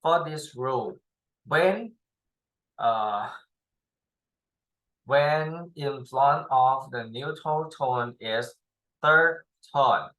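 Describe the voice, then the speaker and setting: A man teaching a spoken language lesson in halting non-native English, with many pauses and fillers; his first language is Thai. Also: medium pitch, sharp tone, poor audio. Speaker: language tutor.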